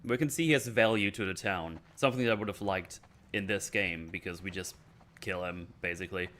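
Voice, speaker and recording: A man with a fairly low voice gives a loose, rambling recap of a TV episode. He talks in casual rant style and keeps breaking into the characters' lines as he goes. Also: a little fast, fairly bright tone.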